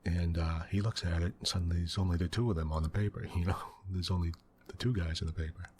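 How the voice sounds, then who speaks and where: Hushed deep-voiced man, soft ASMR gaming. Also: steady tone, fast talker, slight background noise. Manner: rambling storyteller, many "you know" fillers; quiet, hushed delivery. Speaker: gaming channel host.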